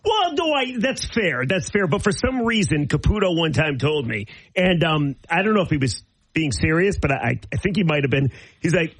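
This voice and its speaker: Husky-voiced male radio host. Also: fairly high pitch, normal speed, no room sound, rough recording. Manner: animated storytelling with impressions. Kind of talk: casual studio chat. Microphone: studio microphone.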